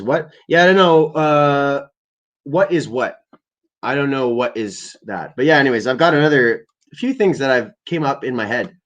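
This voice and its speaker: A man's voice: medium pitch, fairly bright tone. A young man hosting a livestream, ranting casually with lots of swearing and fillers. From Canada. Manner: rambling, profane, many fillers. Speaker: livestream host. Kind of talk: casual profane rant.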